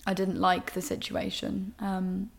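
A young Englishwoman hosting a podcast tells a candid personal story in a medium-pitched, gravelly, monotone voice, speaking a little slowly. She's emotional and rambling, and frank enough to swear.

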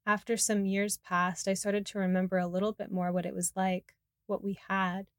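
A woman's voice: mid-range voice, flat delivery, normal speed, dry recording, clean studio sound, close to an everyday voice. A woman voicing a rueful, candid man. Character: remorseful man recovering from head injury.

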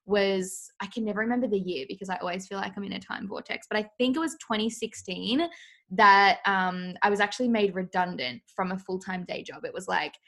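A woman's voice: medium pitch, a little fast, fairly bright tone. Chatty Australian woman, playful. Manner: playful, chatty, laughs easily. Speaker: guest, business coach. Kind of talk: casual interview chat.

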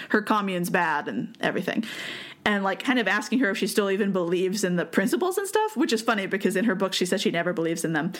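A young woman hosting a casual chat, telling a story with many fillers and frequent laughs. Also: medium pitch. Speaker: podcast host telling the story.

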